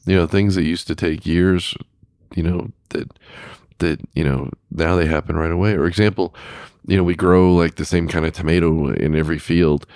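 A man's voice: low voice, steady tone, moderate pace, a little mellow, dry recording, studio quality. A man hosting a podcast, chatting casually with lots of fillers and restarts. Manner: rambling, many fillers and restarts. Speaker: podcast host. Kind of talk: casual chat.

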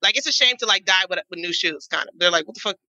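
A woman co-hosting a casual podcast chat, animated and emphatic, swearing freely. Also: fairly low pitch, quick pace, no echo, rough recording. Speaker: podcast co-host.

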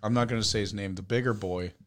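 A man's voice: fairly low pitch, steady tone, fast talker, a bit bright, a little hiss or hum. A man hosting a podcast in casual chat, blunt and profane, with lots of fillers. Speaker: podcast host.

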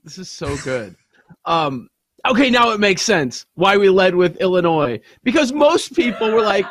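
A man's voice: high-pitched, big pitch swings, unhurried, fairly bright tone, dry recording. A man co-hosting a casual sports talk show, bantering with incredulous laughter. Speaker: co-host.

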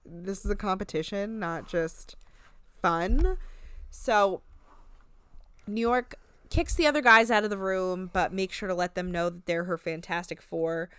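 A woman's voice: mid-range voice, measured pace, clean tone, no echo. A woman co-hosting a casual podcast, animatedly recapping a show with lots of "like" and swearing. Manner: animated storytelling, swearing, heavy use of "like". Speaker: podcast co-host.

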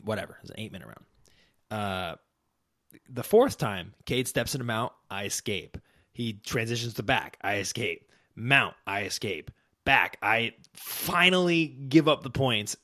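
A man's voice: medium pitch, unhurried. A young man co-hosting a podcast, telling stories and trash talking in casual banter. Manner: animated storytelling, trash talk. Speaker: podcast co-host.

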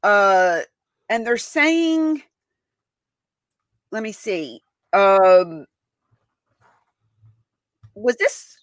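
A woman's voice: medium pitch, very animated, drawn-out words, long pauses, no echo. A woman hosting a podcast in casual chat, talking emphatically with many restarts and repeated words. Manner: emphatic, repeats herself, exasperated. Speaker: podcast host.

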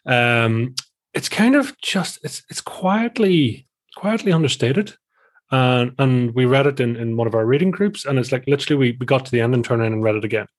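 A man's voice: medium pitch, lively intonation, normal speed. Chatty Northern Irish man. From Northern Ireland. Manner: chatty, rambling, restarts often. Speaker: podcast guest. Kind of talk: casual interview chat.

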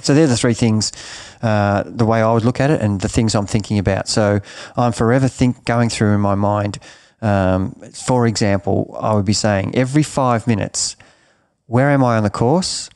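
Low gravelly coach. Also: male voice, normal speed, darkish tone, no echo, clean studio sound. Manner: emphatic, repeats words, restarts often. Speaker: triathlon coach. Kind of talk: coaching advice in a podcast interview.

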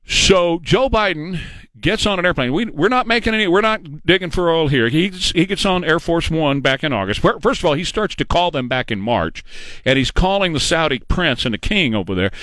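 A man's voice: on the high side, animated, moderate pace, a bit bright, no echo. A man giving an opinionated political monologue, emphatic and sarcastic, repeating phrases for effect. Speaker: political commentator.

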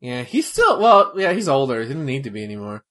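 A man chatting casually while watching old wrestling, excitable and joking, with loud exclamations. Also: mid-range voice, brisk. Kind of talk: casual chat.

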